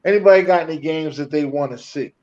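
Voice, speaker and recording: A man's voice: on the high side, quick pace, darkish tone, dull audio. A man co-hosting a casual sports podcast, teasing the others and moving the talk along. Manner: teasing, steers the topics.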